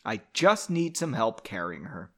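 A man's voice: lowish voice, sing-song, unhurried, bright, forceful tone, pitched below the performer's own voice, exaggerated voice. A man reading as a matter-of-fact young woman. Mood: calm.

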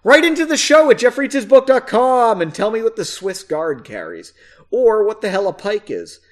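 A man reads his own novel aloud, stopping often for loose, self-mocking asides with the odd swear word. His voice sits a touch high and swings widely in pitch. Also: sing-song, normal speed. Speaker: author reading his own book. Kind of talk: casual book reading with asides.

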